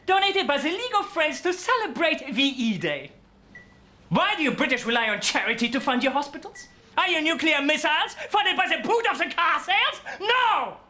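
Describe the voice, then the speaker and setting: Bossy foreign doc, high and sharp, snappy and scornful. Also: female voice, very animated, moderate pace, exaggerated voice. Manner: brusque, scornful. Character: imperious foreign female doctor. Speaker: hospital doctor. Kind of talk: sitcom acting. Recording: TV sitcom audio with faint music.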